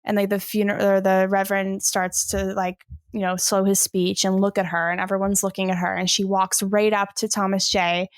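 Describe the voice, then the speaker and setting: A woman's voice: medium pitch, level tone, moderate pace, no room sound, clean studio sound. A woman in a casual podcast chat, retelling a film's sad scene with emotion and the odd swear word. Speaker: podcast guest.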